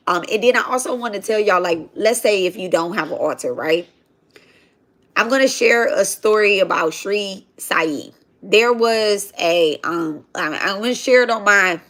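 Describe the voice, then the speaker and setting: A woman's voice: mid-range voice, a bit bright. Slangy, rambling woman telling stories. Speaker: spiritual content creator. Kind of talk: casual livestream chat while cooking.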